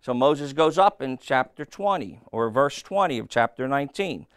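A man preaching a sermon, telling a story with lively, playful asides and asking his listeners questions. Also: mid-range voice, moderate pace, clean tone, no room sound, studio quality. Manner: animated storytelling, acting out voices, asks the crowd questions.

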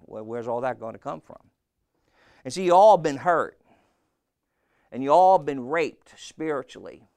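A man's voice: fairly high pitch, clean tone, dry recording, studio quality. A man preaching a sermon in a blunt, folksy way, often throwing questions back at the congregation. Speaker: pastor.

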